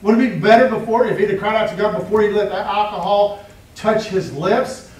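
Male pastor, high-ish voice, emphatic sermon delivery, roomy church sound. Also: fairly quick. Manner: emphatic, repetitive preaching with rhetorical questions. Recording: echoey room, heard from a distance.

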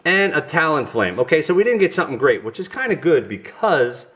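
Middle-aged New York dad, family vlog host, goofy and talkative, very lively pitch. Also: male voice, a little fast. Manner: goofy, chatty, talks straight to viewers. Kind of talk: casual card-opening vlog.

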